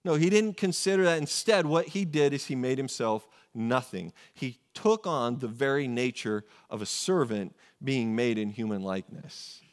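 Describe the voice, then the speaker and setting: A man's voice: medium pitch, moderate pace, hardly any pauses. A man preaching a sermon in a conversational way, often asking rhetorical questions and correcting himself. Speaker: pastor.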